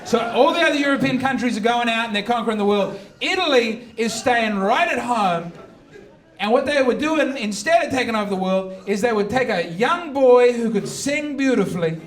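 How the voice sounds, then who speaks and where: A brash stand-up comedian with a very high male voice delivers provocative material with mock earnestness, lively intonation and a moderate pace. He's recorded from a distance in an echoey live venue as a crowd laughs and reacts behind him.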